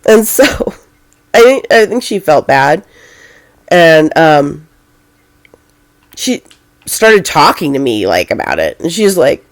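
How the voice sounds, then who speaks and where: A woman's voice: sits low, sing-song, a little slow, vocal fry, pauses often, no echo. A middle-aged woman chatting casually to the camera in a vlog, rambling and full of fillers, often poking fun at herself. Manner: rambling, filler-heavy, self-deprecating. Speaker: vlogger.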